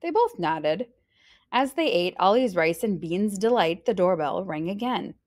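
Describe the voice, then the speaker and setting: A woman, a teacher, reading a children's picture book aloud with expressive voices for the characters. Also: medium pitch, a little slow. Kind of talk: storybook read-aloud.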